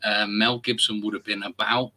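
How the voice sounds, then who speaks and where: A man's voice: on the low side, little pitch movement, normal speed, bright, forceful tone, low-quality recording. A man in his forties hosting a podcast, chatting enthusiastically and rambling with fillers. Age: 40s. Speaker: podcast host. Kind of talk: casual chat.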